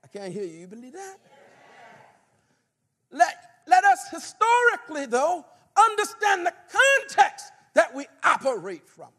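A man preaching a fiery sermon, shouting with passion and leading the crowd in call-and-response prayers in a large conference hall. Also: very high-pitched, wildly swooping pitch, measured pace. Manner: impassioned, shouting, fired up. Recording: echoey hall.

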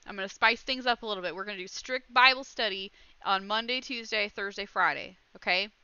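A woman's voice: mid-range voice, fairly quick, sharp tone, clean tone, dry recording, highs cut off. A woman streaming casually, chatting to her viewers and gushing thanks, close to tears. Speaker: streamer hosting Bible study. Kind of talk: casual livestream chat.

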